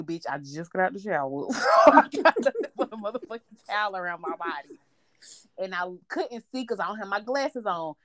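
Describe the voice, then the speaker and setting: A woman co-hosting a podcast, telling a story in a profane, animated way and laughing as she goes. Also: medium pitch, no room sound, clean studio sound. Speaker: podcast co-host. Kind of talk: casual storytelling chat.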